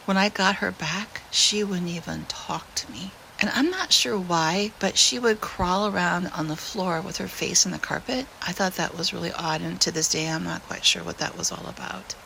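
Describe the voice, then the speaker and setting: A woman narrating a painful personal story, softly and with emotion, sometimes sinking to a whisper. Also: fairly low pitch, creaky, slight background noise, low-quality recording. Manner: soft, emotional, often drops to a whisper.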